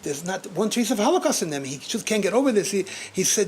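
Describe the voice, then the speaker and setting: A man, a rabbi, telling a story at a community gathering, animated, often laughing and repeating words as he goes. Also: high-pitched, fast, hardly any pauses.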